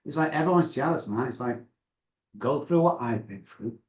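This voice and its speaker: A man's voice: mid-range voice, animated, moderate pace. A man, a guest expert on addiction, telling stories in a brash, profane, mocking way. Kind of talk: candid podcast conversation. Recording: echoey room.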